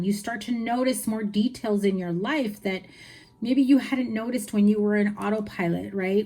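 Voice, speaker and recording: A woman reading tarot cards for her viewers in a relaxed, conversational way. Her voice sits at an ordinary middle pitch, and she keeps up a reassuring patter. She often stops to ask "right?" or "you know?". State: hiccups. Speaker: tarot reader.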